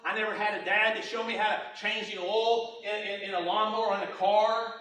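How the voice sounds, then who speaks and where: A middle-aged man preaching a sermon, telling folksy stories with lots of repetition and quick humor. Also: high-pitched, level tone, pushed and bright. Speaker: pastor. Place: church sanctuary. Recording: roomy church hall, voice from a distance.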